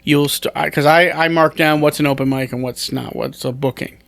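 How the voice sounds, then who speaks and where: A man's voice: on the high side, steady tone, brisk, gravelly, fairly bright tone, no room sound. A man who is a stand-up comedian talking casually on a podcast in a rambling, self-deprecating way, with many restarts.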